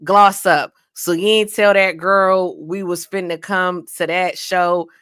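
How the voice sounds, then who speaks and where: A woman's voice: fairly low pitch, steady tone, slow, fairly bright tone, clean tone, no echo, clean studio sound. A woman voicing an angry young woman dancer who calls out a former friend, reading the lines aloud in a put-on Southern street accent. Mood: accusing.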